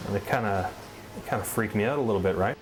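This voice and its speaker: A man interviewed for a documentary, chatting casually and telling his story with lively, animated delivery. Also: fairly low pitch, fast, slight background noise, poor audio. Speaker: former coworker interviewee.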